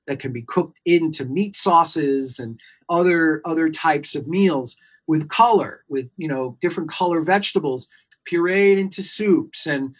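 A clinician guest in an interview, explaining earnestly and emphatically and repeating key points. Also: mid-range voice. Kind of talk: expert explaining on a podcast interview.

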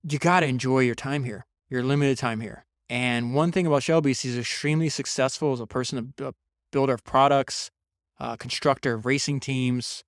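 A man hosting a podcast, summarizing a biography in a casual, energetic storytelling manner with quick asides and restarts. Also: medium pitch, no room sound, clean studio sound. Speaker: podcast host reviewing a biography.

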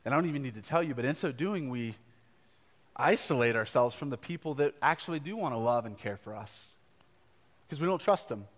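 Earnest young pastor in a reverberant church. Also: male voice, medium pitch, lively intonation, a little fast. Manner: conversational, earnest, with asides to the congregation. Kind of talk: live sermon. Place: church gathering before a congregation. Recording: live church recording with long hall reverb.

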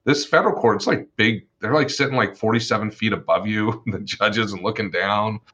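A man who works as an attorney, telling stories from his career in a casual, animated way, swearing freely and acting out the people he quotes. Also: on the low side, fairly quick. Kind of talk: casual storytelling chat.

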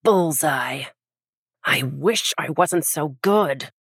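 A woman's voice: low voice, expressive, extremely slow, breathy edge, no echo, exaggerated voice. A woman playing a bored, sardonic female knife-thrower in an improvised tabletop role-play. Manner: dry and sardonic.

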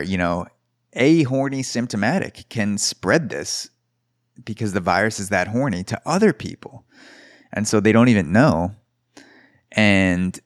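Sarcastic deep-voiced male podcaster. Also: no echo, studio quality. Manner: sarcastic, rambling, with mock quotes. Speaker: podcast host. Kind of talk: solo comedic commentary.

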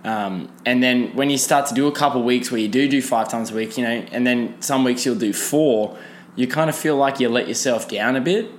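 A man's voice: medium pitch, normal speed. A young man, rambling casually through a solo podcast with lots of fillers and restarts. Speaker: podcast host.

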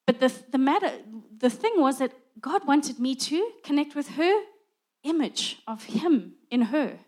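A woman's voice: high-pitched, animated, a little slow, darkish tone. A middle-aged woman preaching a conversational sermon, acting out little dialogues as she goes.

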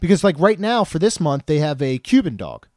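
A man's voice: on the high side, big pitch swings, brisk, darkish tone, no echo, studio quality. A man in his thirties co-hosting a podcast, chatting casually and joking, rambling with frequent restarts. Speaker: podcast co-host.

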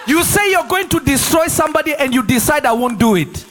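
A man preaches in a church with a high, bright voice that swoops all over. He shouts and acts out the people he quotes, laughing as he goes. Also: animated, fairly quick, few pauses, some chatter behind, a little hiss or hum. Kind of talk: lively sermon.

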